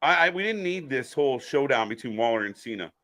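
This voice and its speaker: A man's voice: medium pitch, expressive, quick pace, pushed and bright. A man hosting a live wrestling stream, chatting casually, joking and speaking straight to viewers. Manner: jokey, addresses viewers directly. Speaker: host.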